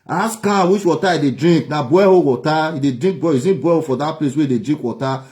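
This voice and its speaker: A Nigerian man broadcasts an angry political rant. He repeats his points and mocks his target. His voice sits high but sounds warm and mellow. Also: rapid-fire. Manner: angry, repetitive, mocking. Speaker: online broadcaster.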